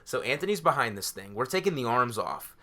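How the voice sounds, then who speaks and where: Animated young man telling a story. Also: mid-range voice, a little fast. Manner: animated storyteller, acts out quotes loudly. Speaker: podcast co-host. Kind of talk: casual chat, storytelling.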